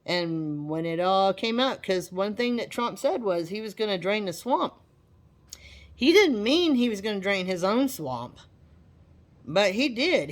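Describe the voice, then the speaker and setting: A woman talking casually to her viewers, chatty and animated, often repeating herself. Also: mid-range voice. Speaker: vlogger. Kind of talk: casual talk to camera.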